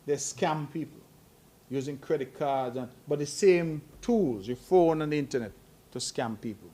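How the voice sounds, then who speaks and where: The middle-aged man, head of government, talks at normal speed in a mellow voice on the high side. At the press conference he grows emphatic while delivering earnest, admonishing remarks.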